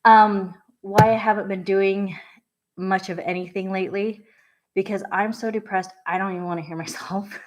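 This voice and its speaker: A woman vlogger talking casually and candidly, rambling with fillers and soft laughs. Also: medium pitch, steady tone, moderate pace. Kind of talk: candid casual vlog talk.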